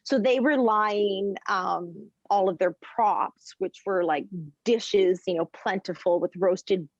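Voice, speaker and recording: A woman's voice: medium pitch, takes it slowly, no room sound, muffled recording. A woman, a chef and food journalist, chatting casually as a podcast guest and rambling through anecdotes with fillers and laughs.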